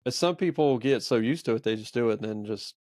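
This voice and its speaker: A man's voice: mid-range voice, fast, a little mellow, no room sound, clean studio sound. A man in his forties co-hosting a faith podcast, telling a personal story in a rambling, earnest, self-reflective way. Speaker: podcast co-host. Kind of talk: casual storytelling chat.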